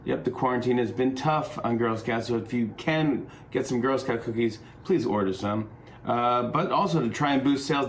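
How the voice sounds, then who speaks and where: A man's voice: mid-range voice, a little hiss or hum. A middle-aged man hosting a talk show from home, delivering a joking comedy monologue with an upbeat, rambling manner.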